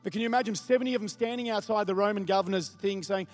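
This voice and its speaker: A man's voice: sits high, very fast, soft background music. A man preaching a sermon, reading scripture and talking conversationally with the congregation, often asking them questions. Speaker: pastor.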